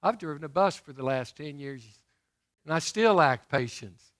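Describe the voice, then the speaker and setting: A middle-aged man preaching a sermon, emphatic, throwing questions to his listeners and slowing to stress scripture. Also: a little high, animated, fairly bright tone.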